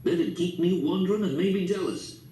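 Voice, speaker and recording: A man doing a gruff, blunt old man. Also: sits high, normal speed, mellow, voice pushed up, natural voice. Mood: exasperated. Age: older. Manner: folksy dialect, blunt, exasperated. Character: gruff old Southern storekeeper, blunt, stubborn. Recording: echoey room, distant mic, faint hiss.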